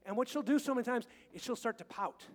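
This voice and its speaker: A middle-aged pastor preaching a casual, humorous sermon, quoting scripture and acting out little everyday scenes. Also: male voice, extremely high pitch, expressive, fast, in a large hall. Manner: chatty and joking, quotes scripture, acts out little scenes. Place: church sanctuary.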